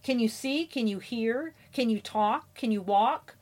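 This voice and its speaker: A woman's voice: fairly high pitch, a little slow, darkish tone. A middle-aged woman hosting a motivational podcast, speaking earnestly and telling stories, with frequent fillers and restarts. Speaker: podcast host.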